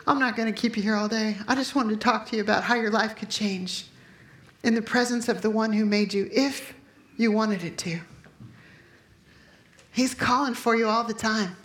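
A woman in her fifties giving a sermon with personal testimony to a room of listeners, emotional and loudly acting out her own prayers. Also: on the high side, animated, normal speed, reverberant. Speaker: speaker at a Christian gathering.

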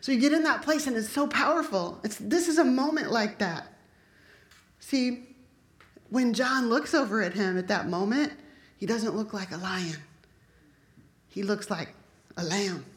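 A woman's voice: mid-range voice, a little slow, pauses often. A woman preaching a sermon in a chatty, conversational way, dropping joking asides to her congregation. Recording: echoey room.

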